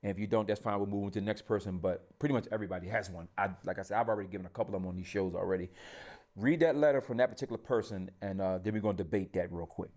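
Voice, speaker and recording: A man's voice: lowish voice, racing, darkish tone. A man hosting a podcast, talking bluntly in casual chat with plenty of profanity. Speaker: podcast host.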